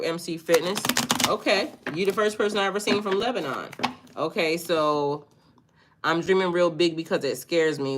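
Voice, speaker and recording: A woman with a somewhat low voice hosts a casual live-stream tarot reading. She talks in a loose, chatty way, laughs often and reads out viewer comments. Clear background noise and clicks run under her voice. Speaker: tarot reader.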